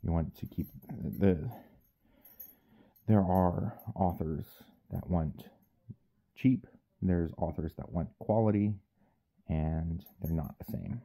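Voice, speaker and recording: A man's voice: low voice, slow, vocal fry, long pauses, dark tone, husky, no room sound. A man who is a powerlifter and audiobook narrator, talking in a casual vlog with a wry, joking, self-deprecating manner.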